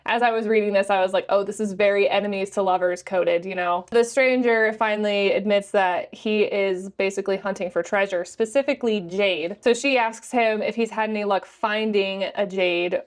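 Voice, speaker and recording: A woman's voice: medium pitch, fairly even intonation. A woman giving a casual book review, chatty and full of "like" fillers. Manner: chatty, lots of "like" fillers, quick laughs.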